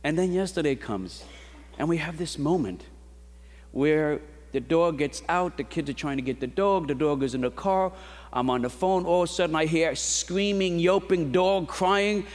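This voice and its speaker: A middle-aged pastor with a voice on the high side, speaking at normal speed, preaches a sermon in a conversational storytelling style, posing rhetorical questions to the congregation. Recorded in a church sanctuary, it carries the long reverb of a large hall.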